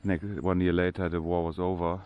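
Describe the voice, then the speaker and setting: A man's voice: low-pitched, little pitch movement, brisk, narrow, tinny audio. A man with a German accent narrating a casual walking tour outdoors, often restarting his sentences as he searches for English words. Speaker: vlogger. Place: outdoor cemetery.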